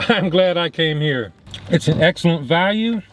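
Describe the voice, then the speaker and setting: A man casually reviewing fast food in his car, enthusiastic and talking with his mouth full. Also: fairly high pitch.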